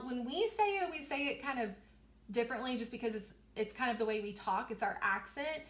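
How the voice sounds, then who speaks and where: A young woman teaching a reading lesson to young children, slowly stretching out letter sounds and praising them often. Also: a little high, a bit bright. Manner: encouraging, repeats words for children. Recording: echoey room.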